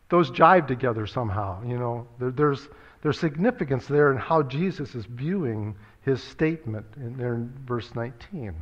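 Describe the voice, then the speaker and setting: A man's voice: medium pitch, lo-fi sound. A man preaching a sermon as pastor, earnest and conversational, often repeating words and using fillers as he works through a point.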